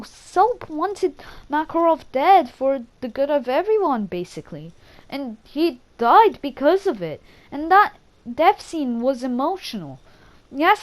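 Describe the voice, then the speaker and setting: A woman giving her casual, rambling opinions on game characters, excitable and swearing, often stopping to correct herself. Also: high voice, rough recording. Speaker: gaming channel creator. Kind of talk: casual gaming opinion talk.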